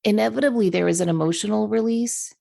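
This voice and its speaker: A woman's voice: mid-range voice, fast talker, creaky, dark tone. A woman co-hosting a podcast who asks curious questions and tells stories from her own practice. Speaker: podcast co-host. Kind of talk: casual spiritual chat.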